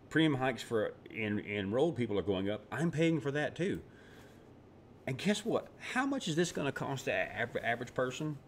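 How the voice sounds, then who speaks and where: A man's voice: medium pitch, slight background noise. A man giving casual political commentary in a sarcastic, ranting way, tripping over words and restarting as he goes. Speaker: vlogger.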